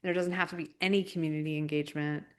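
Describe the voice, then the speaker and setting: Woman co-host, lower voice, thinks aloud in halting phrases during a relaxed spiritual chat. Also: smooth. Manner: reflective, searching, halting phrases. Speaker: podcast co-host.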